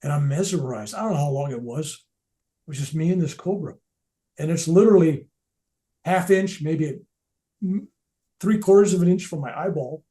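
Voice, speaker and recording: An older man telling personal spiritual stories in a relaxed, unscripted way. His voice sits slightly high for a man and has a warm, mellow tone. He stumbles and restarts his sentences, and he sinks into soft, near-whispered words for emphasis. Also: normal speed, long pauses. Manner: animated storyteller, drops to near-whispers, restarts often. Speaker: speaker at a veterans event. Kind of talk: spoken personal storytelling.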